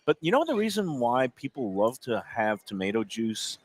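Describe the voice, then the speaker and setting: A man's voice: medium pitch, sing-song, normal speed, slight background noise. A man with a New York accent hosting a casual chat about food, reading out deals and details. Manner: chatty, reads out deals and details. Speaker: show host.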